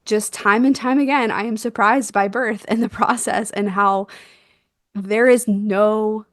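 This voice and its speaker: Young woman talking it out casually, laughs a lot, mid pitch, dry close mic. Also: unhurried, no echo. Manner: animated, laughs often, acts out quotes. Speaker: guest, doula. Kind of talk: casual storytelling.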